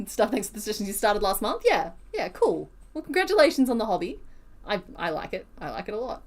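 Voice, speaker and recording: A woman's voice: mid-range voice, very animated, a little fast. A woman, chatting casually on a live stream while she crochets, answering viewers and teasing herself. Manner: chatty, self-deprecating, answers chat questions.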